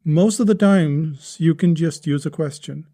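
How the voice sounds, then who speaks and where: A podcast host teaches a lesson on writing, explaining things step by step and putting rhetorical questions to the listener. His voice is on the high side, with an unhurried pace and a dark tone.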